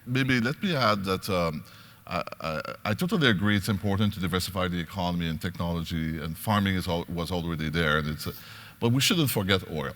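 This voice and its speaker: Economist on a panel, really low voice, stops and restarts a lot, echoey hall. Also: male voice, lively intonation, a bit bright. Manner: halting, restarts sentences. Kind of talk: panel discussion. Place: large conference hall. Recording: reverberant hall sound.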